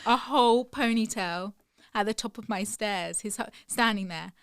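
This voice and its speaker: A woman co-hosting a relaxed podcast, telling lively stories and laughing often. Her voice sits at a middle pitch. The recording is close and dry, with no room around it. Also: normal speed, smooth, no echo. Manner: animated storyteller, laughs often. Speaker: podcast co-host. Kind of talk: casual chat.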